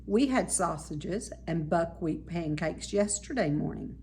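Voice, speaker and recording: A woman reading as a weary, calm storybook mother. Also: fairly low pitch, a little slow, slight background noise. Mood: flat. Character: weary mother, worn out by quarreling.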